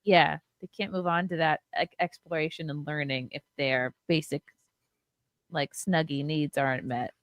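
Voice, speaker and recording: A woman in her thirties hosting a podcast, chatting casually and joking with quick laughs. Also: deep voice, dry recording, dull audio. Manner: animated, jokey, laughs often. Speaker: podcast host. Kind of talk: casual chat.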